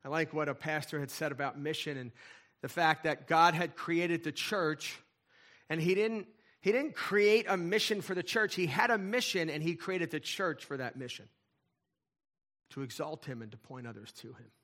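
A man's voice: a little high, normal speed, fairly bright tone. A man preaching a sermon as lead pastor of a church, emphatic, repeating key lines and asking rhetorical questions.

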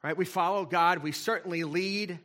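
Bright-voiced preaching pastor. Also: male voice, high voice, normal speed. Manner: emphatic preaching with repetition and rhetorical questions. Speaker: lead pastor. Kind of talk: sermon. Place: church.

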